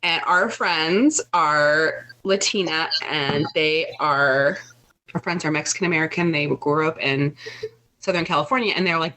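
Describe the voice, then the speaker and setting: A young woman co-hosting a casual podcast, telling a travel story with plenty of fillers and restarts. Her voice is bright and clear. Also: deep voice, unhurried, low-quality recording. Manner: chatty storyteller, lots of fillers. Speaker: podcast co-host. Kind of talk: casual chat.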